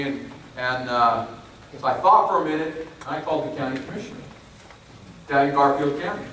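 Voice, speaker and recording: At a public meeting, a man speaks emphatically to the crowd and keeps returning to his key phrases. His medium-pitched voice is fairly bright and fairly quick, captured from far away in an echoing hall with faint background noise.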